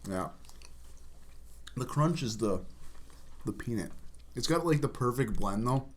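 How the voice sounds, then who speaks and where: A young man from the American Midwest co-hosting a casual, joking chat, with bursts of loud excitement. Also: mid-range voice, a little slow. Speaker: co-host.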